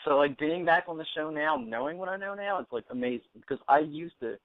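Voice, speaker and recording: A man calling in to an internet radio show, talking in a halting way with many restarts and his pitch jumping when he gets flustered. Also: very animated, vocal fry, noisy background. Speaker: call-in guest. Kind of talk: casual chat over a phone line. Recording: tinny phone line, dry.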